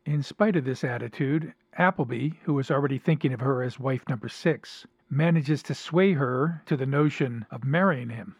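A man hosting a talk show, reading passages from a story aloud and discussing them in a measured, dramatic way. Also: medium pitch, breathy edge, dry recording. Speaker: podcast host.

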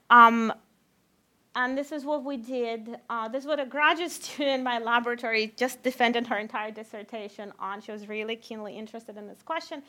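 A woman researcher with a Russian accent giving a lively lecture, addressing the audience as "my friends". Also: on the high side, brisk.

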